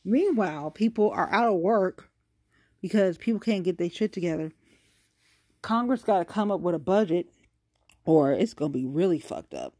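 Profane, exasperated woman ranting, lively pitch. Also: normal speed. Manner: profane, exasperated, talks to the viewer directly. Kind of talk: casual rant monologue.

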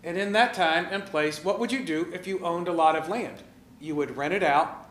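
High-voiced man preaching in an echoey church. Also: moderate pace, a little hiss or hum. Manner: animated, conversational preaching with rhetorical questions. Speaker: pastor. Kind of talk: sermon.

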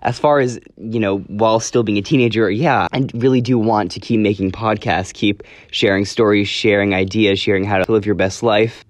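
A man's voice: fairly low pitch, steady tone, moderate pace, few pauses, dry recording. Teenage boy talking in a dry booth. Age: teens. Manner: rambling, earnest, self-correcting. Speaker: podcast host. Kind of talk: casual solo podcast talk.

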